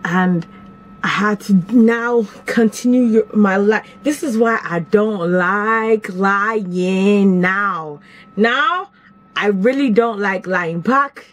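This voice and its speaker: A young woman vlogging at home, telling a story in a casual, animated, dramatic way with sudden jumps in pitch. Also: slow.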